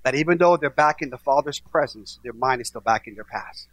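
Male pastor, middle-aged, bright cutting voice, exhortative sermon delivery, big swings from hush to shout. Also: mid-range voice, brisk, no echo. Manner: preaching with call-and-response exhortations.

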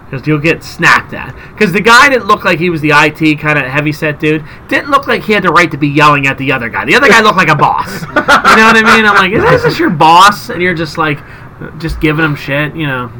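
A man's voice: a little high, fairly quick, crowd noise, rough recording. A man hosting a podcast, telling a story in casual chat and acting out the people in it. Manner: animated storyteller, acts out quotes. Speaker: podcast host.

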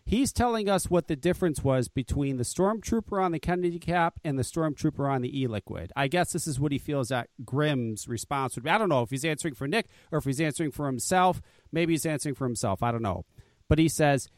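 Heated high-voiced man ranting. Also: animated, a little fast, no echo. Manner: angry, profane, emphatic ranting. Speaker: podcast co-host. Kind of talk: heated podcast rant.

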